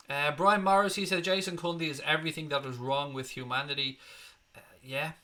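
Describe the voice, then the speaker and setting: A man's voice: medium pitch, fairly even intonation, fast, bright, forceful tone. A man hosting a football fan channel, reading viewer comments aloud and answering them in a blunt, sweary, chatty way. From Northern Ireland or Ireland. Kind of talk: casual livestream chat.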